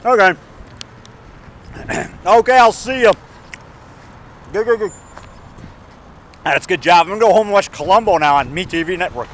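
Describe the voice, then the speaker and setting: Casual male vlogger, high-pitched voice, rambling and jokey, faint traffic behind him. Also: lively intonation, moderate pace, pauses often, rough recording. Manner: rambling, jokey, chuckles at own jokes.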